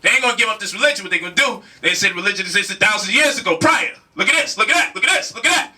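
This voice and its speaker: A man's voice: high-pitched, animated, racing, sharp tone, recorded from a distance. A man giving a heated spoken lecture, emphatic, with repeated rhetorical questions and casual slang. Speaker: speaker challenging a debate opponent.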